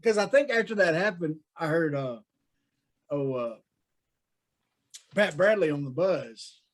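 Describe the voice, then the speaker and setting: A man's voice: a little high, expressive, a little slow. Chuckling man co-hosting a podcast. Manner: chatty, chuckling, agreeable. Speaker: podcast co-host. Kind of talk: casual chat.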